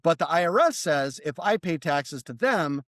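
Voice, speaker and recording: A man telling a story as a podcast guest in a casual, animated way, mimicking other people and swearing freely. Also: a little high, moderate pace, no echo. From United States.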